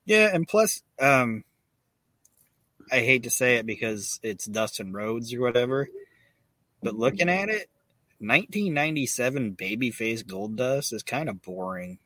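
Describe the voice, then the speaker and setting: Podcast host, male, bright tone on a dry mic, loose and profane, lots of ums. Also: medium pitch, animated, a little slow, dry recording. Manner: profane, filler-heavy retelling. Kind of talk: casual recap chat.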